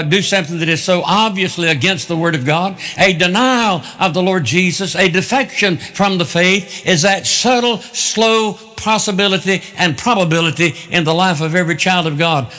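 A man's voice: high voice, pushed and bright, in a large hall. A man preaching a sermon with emphatic, repeated phrases.

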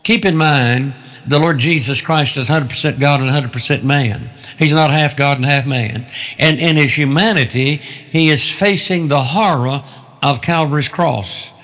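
A man delivering a sermon in a somewhat high voice. He speaks deliberately, repeating phrases to build emphasis as he walks through the text. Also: fairly bright tone. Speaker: pastor. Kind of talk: expository sermon.

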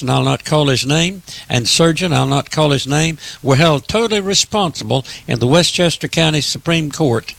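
An older man speaks in a gravelly, slightly raised voice. He delivers political commentary with a preacher's emphatic repetition. The recording is dry and close. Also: a little high, a bit bright, no echo.

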